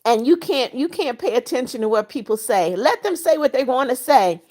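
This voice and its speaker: A woman's voice: high-pitched, expressive, moderate pace, a little mellow. Motherly older woman hosting a livestream. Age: 70s. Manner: greets viewers by name and blesses them, blunt and motherly. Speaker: livestream host. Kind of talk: casual livestream chat reading viewer comments.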